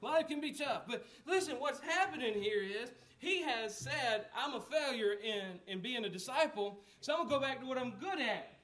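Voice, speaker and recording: A man's voice: very high-pitched, expressive, normal speed, hardly any pauses, a bit bright. A man preaching a sermon as a pastor, talking conversationally, asking the congregation questions and acting out the lines of the people in the story.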